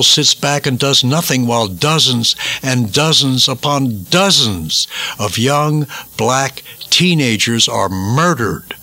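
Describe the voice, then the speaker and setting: A bright, forceful male voice from the United States delivers emphatic commentary in a preaching cadence. He repeats words for stress and builds a steady indignation. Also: mid-range voice.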